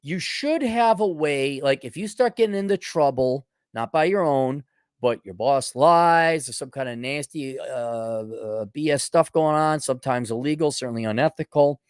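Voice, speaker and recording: A man's voice: medium pitch, moderate pace, clean tone, no echo, studio quality. A man hosting a blunt, sarcastic advice monologue, with casual profanity. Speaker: host.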